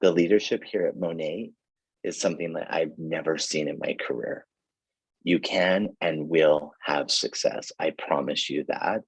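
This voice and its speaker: A man giving an energetic, rambling motivational talk over a video call, full of fillers and restarts. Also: rumbling low, unhurried, breathy edge, no room sound, rough recording. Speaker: guest speaker, sales executive. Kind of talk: motivational storytelling.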